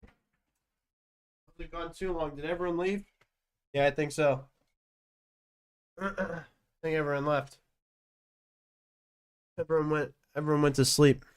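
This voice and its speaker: A man's voice: fairly high pitch, steady tone, takes it slowly, long pauses, smooth. A man streaming a video game, chatting casually with a rambling, self-deprecating manner. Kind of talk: casual live-stream chat while gaming.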